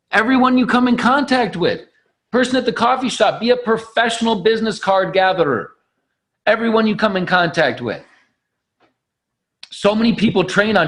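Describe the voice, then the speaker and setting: A man giving an energetic, preachy motivational training talk on a conference call, acting out sales conversations. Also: high voice, a little fast. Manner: energetic and preachy, acts out dialogues. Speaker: network marketing trainer.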